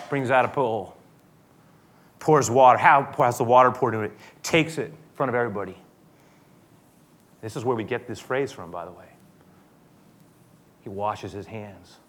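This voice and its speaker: A man preaching a sermon, retelling a story dramatically and swinging between loud and hushed speech. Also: mid-range voice, a little slow, long pauses. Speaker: pastor.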